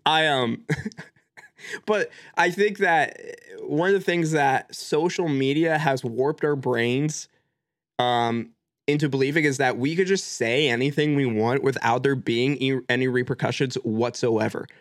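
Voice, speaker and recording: A young man co-hosting a casual podcast chat, animated and swearing freely. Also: unhurried, dry recording, studio quality. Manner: animated, swears, mimics others in a high voice. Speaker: podcast co-host.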